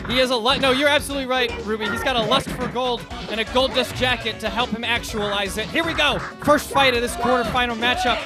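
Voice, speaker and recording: A man calling a video game tournament as play-by-play commentator, excitable and shouting at the big moments. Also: very high voice, fast, hardly any pauses. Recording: loud music and crowd behind.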